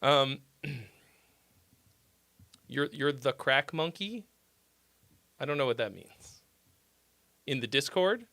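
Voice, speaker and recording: A man's voice: medium pitch, lively intonation, slow pace, long pauses, sharp tone, no room sound. A man hosting a casual livestream, reading chat and messages aloud, laughing often and muttering and swearing to himself. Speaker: livestream host giving song feedback.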